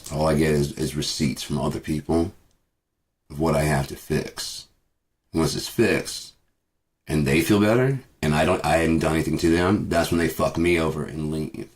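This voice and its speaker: Deep-voiced man ranting bitterly. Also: fairly even intonation, moderate pace. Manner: bitter, swearing, repeats himself. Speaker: vlogger. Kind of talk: profane ranting monologue.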